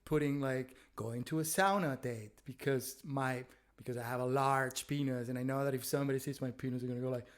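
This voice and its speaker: A man, a stand-up comedian, chatting candidly on a podcast, laughing often and halting with fillers. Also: mid-range voice, fairly even intonation. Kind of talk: casual chat.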